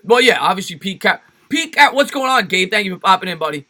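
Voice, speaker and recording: A man's voice: sits high, very animated, fast, pushed and bright. A man hosting a casual sports livestream, chatting loosely with viewers and repeating his phrases. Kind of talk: casual live chat reading viewer comments.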